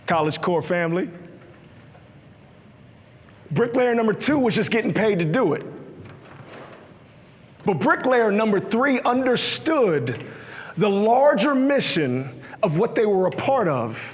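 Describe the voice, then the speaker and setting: A man's voice: high-pitched, very animated, a little slow, pauses often. A young man giving a motivational keynote, full of energy and leading the audience in call-and-response. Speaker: keynote speaker. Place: large hall with a live audience. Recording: echoey hall.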